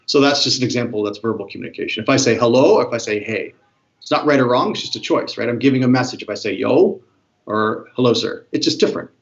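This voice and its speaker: A body language expert, appearing as an interview guest, explains fast and eagerly how words, voice and looks carry a message, trying out different ways of saying a greeting to demonstrate tones of voice. His voice is mid-range and animated, and the recording sounds slightly dull and lo-fi.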